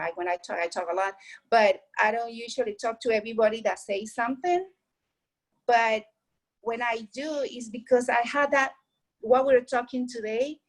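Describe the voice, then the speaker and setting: A woman's voice: a little high, low-quality recording. A woman whose first language is Spanish, giving heartfelt, earnest advice in a casual way and repeating her points to encourage the listener.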